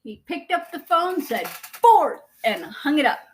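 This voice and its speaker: A woman's voice: high voice, very animated, moderate pace, a bit bright, slight background noise. A young woman co-hosting a podcast, telling blunt stories in casual chat and laughing often. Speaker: podcast co-host.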